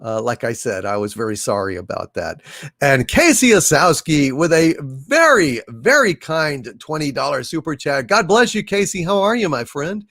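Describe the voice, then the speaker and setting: A man's voice: a little high, very animated, moderate pace, a bit bright, dry recording, clean studio sound. A man hosting a casual livestream, thanking donors and telling jokes, with a hesitant delivery full of "uh"s. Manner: hesitant, many filler "uh"s, jokey. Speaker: livestream host.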